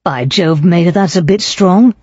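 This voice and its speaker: A jovial young upper-class Englishman talks breezily in clipped, amused tones, as a woman puts him on. The voice sits low and mellow. The reading is dry and a little dull. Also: normal speed, husky, no echo.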